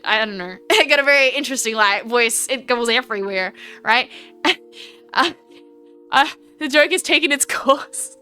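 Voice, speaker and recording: Woman, Australian accent, young adult, rambling livestream chat, slightly high pitch, smooth clear voice. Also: pushed and bright. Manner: chatty and rambling, with many fillers and restarts. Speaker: VTuber streamer.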